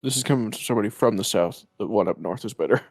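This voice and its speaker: With a fairly low, slightly rough voice, a podcast co-host and editor races through his words on a voice call using a home mic. He's profane and rambling, often trailing off before picking back up, and the audio has no room sound.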